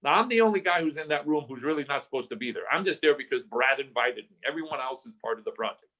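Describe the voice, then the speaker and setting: An older man from Southern California, a guest on a podcast interview, tells a story while acting out the voices he quotes and often restarting phrases. He speaks fast at medium pitch, with lively intonation and a sharp tone.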